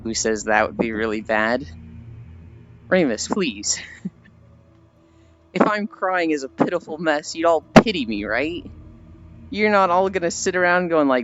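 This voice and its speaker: A man's voice: medium pitch, unhurried, clean tone, dull audio. A man streamer chatting casually with viewers while out walking, rambling and self-deprecating. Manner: rambling, self-deprecating, animated mock voices.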